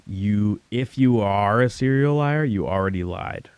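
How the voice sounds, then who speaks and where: A man hosting an improvised comedy podcast, with a deadpan, mocking delivery. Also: fairly low pitch, measured pace, smooth, no room sound. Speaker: podcast host.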